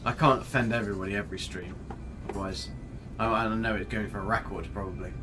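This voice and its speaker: A man's voice: on the low side, steady tone, fast talker. Male game streamer, casual rambling banter over faint music. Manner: chatty, jokey, rambling, reads chat aloud. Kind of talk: casual live-stream commentary.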